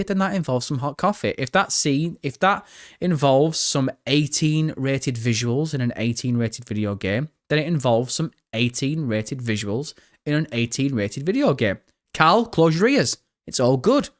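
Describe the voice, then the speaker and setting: A young man hosting a live stream, chatting with his viewers and reacting to a trailer in a jokey, rambling way. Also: fairly high pitch. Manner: chatty, jokey, talks to chat, breaks into laughter.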